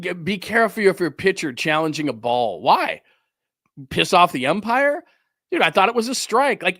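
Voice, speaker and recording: A man's voice: a little high, a bit bright, no echo, clean studio sound. A man hosting a sports talk show, ranting heatedly and sarcastically, mocking others with put-on quotes. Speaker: sports radio host.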